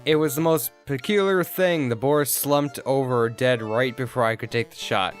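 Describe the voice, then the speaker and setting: A man's voice: mid-range voice, normal speed, soft background music, lightly acted. A man voicing a male hunting dog, a hunter who tells his story plainly and matter-of-factly.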